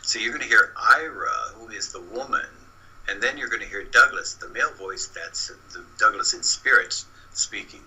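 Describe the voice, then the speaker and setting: A man's voice: lowish voice, moderate pace, sharp tone, a little hiss or hum, rough recording. A man who is a guest researcher, patiently explaining in an interview and often answering with short backchannels.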